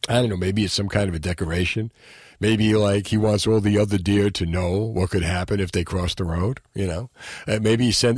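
A man's voice: lowish voice, fairly even intonation, normal speed, a little mellow, dry recording, clean studio sound. Rambling, chatty male radio host. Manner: rambling, chatty, heavy with filler words. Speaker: radio talk show host. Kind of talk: casual radio chat. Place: radio studio. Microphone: studio microphone.

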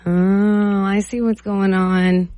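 A woman's voice: medium pitch, flat delivery, takes it slowly, dark tone, no room sound. A woman hosting a morning radio show, chatting casually and teasing callers in a studio. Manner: teasing, chatty, laughs often.

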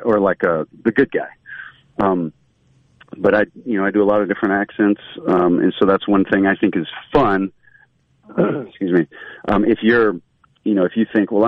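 A man's voice: on the low side, no echo. A man, a voice actor guest, chatting casually and a bit hesitantly in an interview over a tinny phone line. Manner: easygoing, hesitant, lots of ums.

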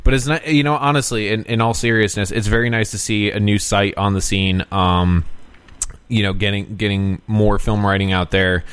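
Low-voiced rambling man hosting a film show. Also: fairly even intonation, normal speed, fairly bright tone, clear, resonant tone, no echo. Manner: rambling, earnest and enthusiastic. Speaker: podcast host. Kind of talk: casual radio-podcast chat.

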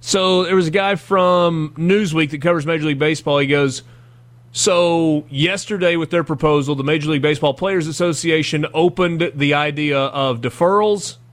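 A man, hosting a sports radio show in a chatty, self-deprecating way that turns animated when he jokes. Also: a little high, normal speed. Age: 40s. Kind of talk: casual sports radio talk.

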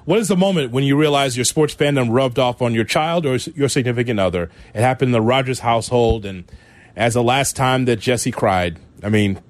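A man hosting a sports talk radio show with lively, joking banter. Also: mid-range voice, fairly quick, no echo. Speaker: radio host.

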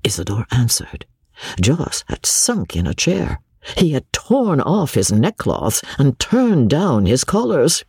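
A man narrating a classic novel as an audiobook, reading in an expressive storyteller's manner. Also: medium pitch, takes it slowly, breathy edge, no room sound, studio quality.

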